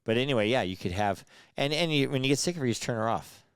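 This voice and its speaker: A man's voice: medium pitch, lively intonation, quick pace, clear, resonant tone. A man with a nasal voice, talking in a loose, joking way as a podcast co-host. He rambles and restarts his sentences as he goes. The sound is dry and close, with no room echo. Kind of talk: casual chat.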